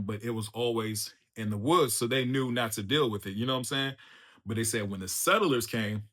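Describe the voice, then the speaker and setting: A man in his own channel's review video, talking off the cuff at an ordinary mid pitch. He keeps it loose and animated, slipping in laughs and casual slang like "bro" as he goes. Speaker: YouTube reviewer.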